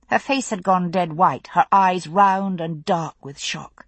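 Woman narrator for a novel: expressive storytelling, husky tone, dry studio sound. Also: low voice, moderate pace, hardly any pauses, dry recording. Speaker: audiobook narrator.

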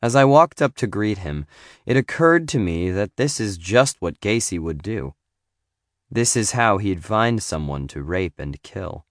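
A man reading a first-person memoir in a measured, reflective and wry way. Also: fairly low pitch, expressive, no echo, studio quality. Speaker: narrator.

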